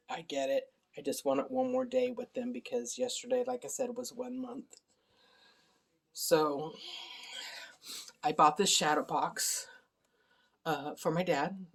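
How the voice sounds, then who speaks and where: Low-voiced woman, halting and soft-spoken. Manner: soft, halting, with many ums and apologies. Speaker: vlogger giving a personal update. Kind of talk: casual personal video update. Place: at home, indoor living room. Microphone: handheld phone camera.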